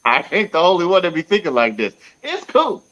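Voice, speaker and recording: A man with a bright, forceful voice talks in loose, slangy podcast chat, stretching words out as he rants. The sound is a little dull and lo-fi. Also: sits high, wildly swooping pitch. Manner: loose, slangy ranting with drawn-out spelling. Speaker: podcast co-host. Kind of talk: casual chat.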